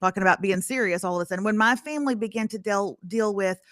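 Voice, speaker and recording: A woman's voice: mid-range voice, fast, a bit bright, dry recording. A woman in her forties talking candidly in a casual conversation, easily breaking into laughter. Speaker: podcast host.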